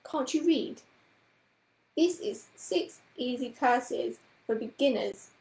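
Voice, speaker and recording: A woman voicing a prim, brisk middle-aged amateur witch who scolds in a crisp, bossy way, in a storybook reading. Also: high-pitched, darkish tone. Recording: roomy echoing room.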